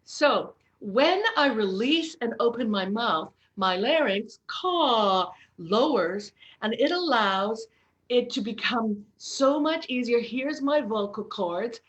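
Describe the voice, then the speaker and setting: A woman's voice: on the high side, expressive, slow pace. A middle-aged woman voice coach who talks casually and expressively, demonstrating sounds and encouraging the listeners. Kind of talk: casual chat with vocal demos.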